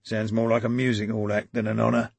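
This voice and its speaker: A man playing a gruff, growling press baron with a proprietorial edge, as in a novel read aloud. His short remarks come out rough and low. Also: level tone, fairly quick, darkish tone, no echo. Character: gruff, fleshy-faced older press baron.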